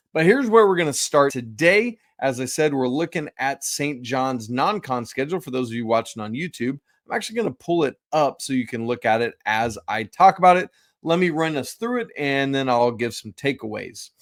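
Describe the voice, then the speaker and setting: A man hosting a college basketball podcast in a loose, chatty way, full of quick self-deprecating asides. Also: medium pitch, no echo, studio quality. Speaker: podcast host. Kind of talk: casual sports talk.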